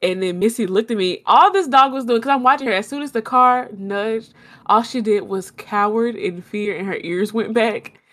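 A young woman, telling a long story in casual chat and acting out her own shouts. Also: fairly high pitch, moderate pace.

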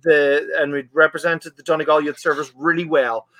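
A young man chats casually on a podcast. He tells his stories with animated, acted-out asides. His voice sits a little high and sounds bright, recorded dry and close. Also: normal speed, dry recording. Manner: animated storyteller, acts out his own past lines. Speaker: podcast guest. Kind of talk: casual chat.

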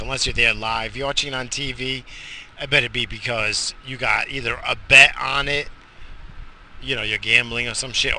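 A man's voice: medium pitch, sharp tone, slight background noise. A tired man in his forties, hosting a podcast, rambling bluntly and profanely with a joking streak. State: exhausted. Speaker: podcast host. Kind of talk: crude rambling monologue.

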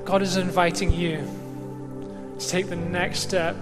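Man, pastor, high voice, gentle inviting prayer, long hall reverb, band music underneath. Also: flat delivery. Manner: gentle and inviting, slow and reflective. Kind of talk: sermon closing in prayer. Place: church service with a band.

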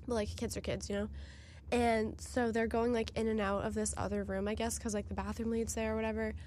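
A woman's voice: on the high side, level tone, a little fast, a little mellow, a little hiss or hum. A young woman in her twenties chatting casually, telling gossipy work stories with giggles. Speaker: co-host. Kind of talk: casual chat.

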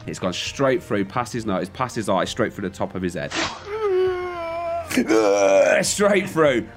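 A man playing a tabletop game, chatting and joking excitably with his friends. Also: deep voice, brisk, music in the background. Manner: excitable and jokey, with lots of banter. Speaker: player. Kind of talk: casual chat at a game table.

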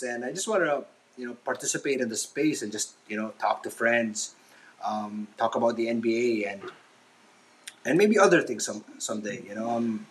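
This casual solo podcast is hosted by an adult father washing dishes in his home kitchen, who speaks hesitantly and self-consciously with lots of ums and restarts. His voice is mid-range. The recording is rough, with slight background noise.

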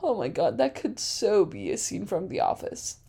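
A young woman chatting casually as a podcast co-host. She gets excited, swears, and acts out her own reactions. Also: mid-range voice, normal speed, creaky, slightly rough. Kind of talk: casual chat.

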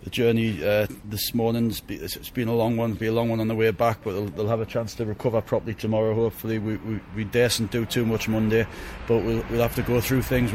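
A football manager answers post-match questions in a mid-range voice. His speech is plain and practical, and he restarts phrases as he finds his words. A faint hiss of noise sits behind him. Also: medium pitch. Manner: plain-spoken, repeats words as he thinks.

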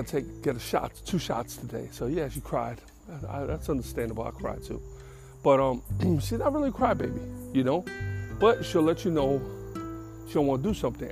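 A man's voice: fairly high pitch, a little mellow. Blunt older New man. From the Bronx, New York. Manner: blunt, streetwise and profane, with chuckles. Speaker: podcast host. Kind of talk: casual storytelling monologue.

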